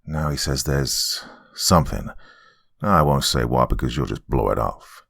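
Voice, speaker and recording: A man's voice: lively intonation, measured pace, vocal fry, fairly bright tone, slightly rough, no room sound, clean studio sound, full character voice. A man voicing a stern older grandfather who speaks bluntly and moodily. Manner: low, blunt and moody.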